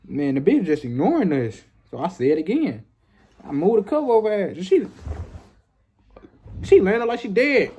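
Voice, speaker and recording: Young man, husky and mellow, rambling profane storytime delivery. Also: high voice, very animated, moderate pace, pauses often, muffled recording. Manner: rambling, repetitive, profane slang. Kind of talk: casual storytime.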